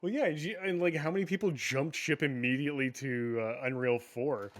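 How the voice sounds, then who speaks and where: A man with a medium-pitched, brisk voice co-hosts a casual gaming news podcast. He rants, swears a lot, and laughs often.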